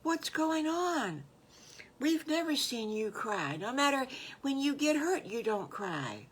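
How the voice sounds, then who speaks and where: A woman's voice: high voice, big pitch swings, slow pace, voice pushed up, exaggerated voice. An older woman voicing three little boy pigs asking worried questions together.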